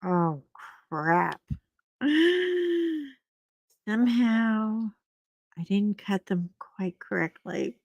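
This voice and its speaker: A woman's voice: mid-range voice, slow, creaky, darkish tone, dry recording, muffled recording. A woman hosting a casual livestream from home while coloring, rambling chattily and breaking off to talk to her dogs, on a desk mic. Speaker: livestream host.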